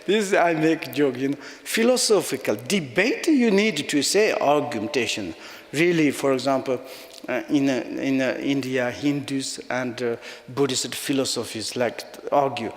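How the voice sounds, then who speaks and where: A man giving a Buddhist teaching in halting, non-native English, often chuckling as he tells jokes. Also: mid-range voice. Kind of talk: dharma teaching talk. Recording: long reverb in a hall.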